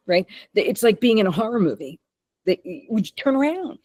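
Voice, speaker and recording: A woman dog trainer teaching a webinar in an animated way. She often checks in with "okay?" and "right?". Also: mid-range voice, fairly quick, no echo. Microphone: remote call microphone.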